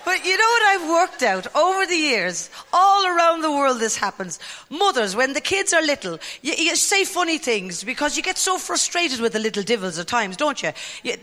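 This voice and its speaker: An Irish woman performing stand-up comedy on stage, telling brisk, chatty stories with punchline timing. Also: high voice, sharp tone. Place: stage before a live audience. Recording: live stage recording, hall reverb, noisy room.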